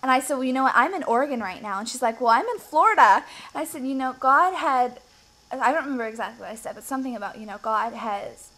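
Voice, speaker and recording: A woman recounts a story in casual conversation, and her voice leaps upward at the exciting parts. Her voice sits a little on the high side. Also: quick pace, rough recording. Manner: animated, rising in pitch when excited. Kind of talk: casual testimony.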